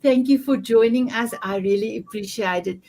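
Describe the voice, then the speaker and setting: A woman's voice: fairly high pitch, normal speed, dark tone. A woman hosting an online summit over a video call, gushing and effusive with her guests. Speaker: summit host.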